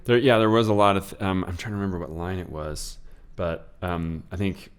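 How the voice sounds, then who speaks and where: Man, very low voice, smooth resonant tone, podcast co-host, hesitant, many fillers. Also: steady tone, fairly quick. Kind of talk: casual film discussion.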